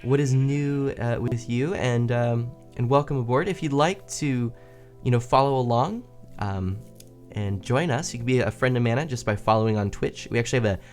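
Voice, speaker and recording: A man streams a building game and chats casually with viewers, self-deprecating and laughing often. His medium-pitched, darkish voice keeps a moderate pace with few pauses, with soft music playing in the background.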